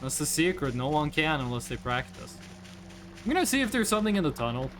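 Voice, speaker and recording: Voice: medium pitch, big pitch swings, fast, faint music behind. A streamer from Norway, a native Norwegian speaker, chatting casually and joking with viewers while playing a game. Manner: chatty, jokey, reacting loudly with laughs. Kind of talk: casual live-stream chat.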